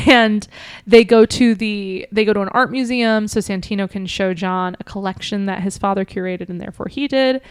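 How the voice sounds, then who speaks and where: A woman's voice: mid-range voice, clean tone, no room sound. A woman co-hosting a podcast, casually retelling a book's plot in a loose, chatty way with frequent fillers. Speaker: podcast co-host.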